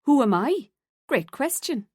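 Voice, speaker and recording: A streetwise young woman, played by a woman narrator. Her voice is a little higher and dry-humoured. The recording is dry and close. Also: big pitch swings, a little slow, warm tone, no echo. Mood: wry.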